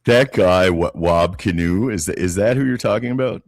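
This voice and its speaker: A man's voice: sits low, normal speed, no echo, clean studio sound. A man from Canada co-hosting a casual political podcast, talking bluntly and swearing freely, often restarting his sentences. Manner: blunt, profane, repeats words when starting. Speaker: podcast co-host.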